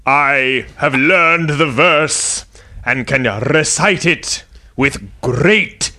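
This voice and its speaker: A man putting on the voice of a pompous theatrical stage actor, slow and grand. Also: on the high side, pushed and bright, voice pushed up, heavily acted. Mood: grandiose.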